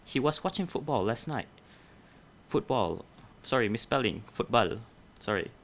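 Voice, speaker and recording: A man's voice: medium pitch, animated, moderate pace, fairly bright tone. A young adult man teaching a grammar lesson, explaining methodically step by step and correcting himself along the way.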